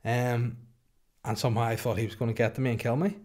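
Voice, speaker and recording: A man's voice: mid-range voice, fairly even intonation, fast, darkish tone. A Northern Irish man in his thirties, hosting a podcast in a casual, jokey, sweary storytelling chat. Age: 30s. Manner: rambling, sweary, jokey asides to his co-host. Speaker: podcast host.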